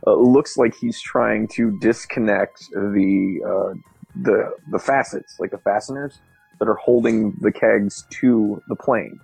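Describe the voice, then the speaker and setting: Male game master, husky low voice, steady tabletop narration. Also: slow, no room sound, faint music behind.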